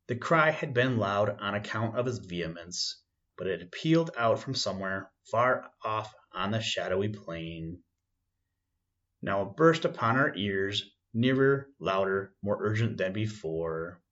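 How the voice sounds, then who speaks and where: Low-voiced guy reading a story out loud, slow and dramatic, dull lo-fi sound. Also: animated. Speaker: audiobook narrator. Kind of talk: first-person story reading. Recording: dull lo-fi recording.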